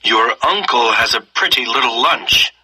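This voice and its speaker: A man playing a harsh, contemptuous male soldier in a read-aloud story, barking out his words with scorn. The voice rings bright and sharp but sounds husky and breathy. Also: mid-range voice, moderate pace, full character voice, rough recording. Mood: scornful.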